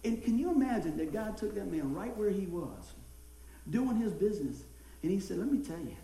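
A man's voice: high voice, moderate pace, creaky, echoey room, low-quality recording. A man preaching a sermon as pastor, telling a story with lots of laughter. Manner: storytelling, animated, laughs often.

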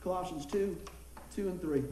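This middle-aged pastor talks at a normal speed in a high voice, telling folksy stories through his sermon with laughter and animation. The recording comes from some distance in an echoey church room, faint ambient noise behind him.

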